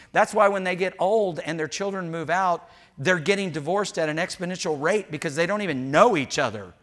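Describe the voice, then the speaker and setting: Bright-voiced preacher man, candid and joking. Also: high-pitched, a little fast, hardly any pauses. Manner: candid, joking asides with acted-out quotes. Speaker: pastor. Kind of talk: sermon. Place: church.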